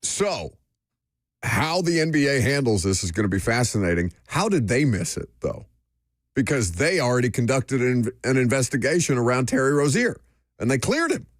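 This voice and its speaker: A man's voice: mid-range voice, big pitch swings, moderate pace, dry recording, clean studio sound. A man hosting a sports talk radio show, opinionated and emphatic.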